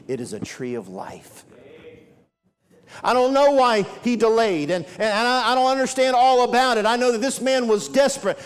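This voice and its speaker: A middle-aged man preaching a sermon as an evangelist, animated and acting out characters. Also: extremely high pitch. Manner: animated, acts out characters in asides. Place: church sanctuary. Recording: long hall reverb.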